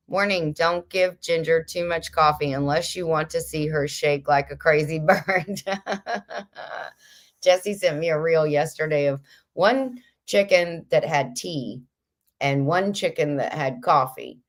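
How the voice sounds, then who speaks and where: A middle-aged woman with a notably low voice chats through viewer comments on a casual livestream. She is playful and kooky and laughs easily. She sounds a little stuffy, as if nursing a mild headache. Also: a little slow. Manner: chatty, kooky, laughs often. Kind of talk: casual chat.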